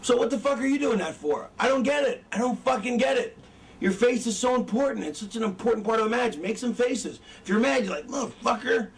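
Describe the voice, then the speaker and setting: A man's voice: very high voice, animated, fast. A man lecturing wrestling students in a casual, profane, rambling way, often losing his train of thought. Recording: distant mic with background noise.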